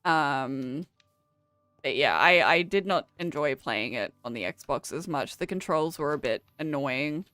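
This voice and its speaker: A woman's voice: sits low, expressive, unhurried, a bit bright, no room sound, faint music behind. A young Australian woman chatting casually with her viewers while playing a game, laughing often and swearing freely. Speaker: streamer. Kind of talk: casual chat while gaming.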